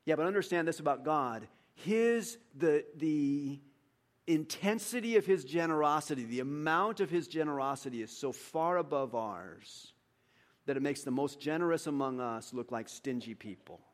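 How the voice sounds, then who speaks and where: A man preaching a sermon in an animated way. He acts out dialogue with his congregation, and his voice jumps high and loud for emphasis, then drops quiet. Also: moderate pace. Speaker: pastor.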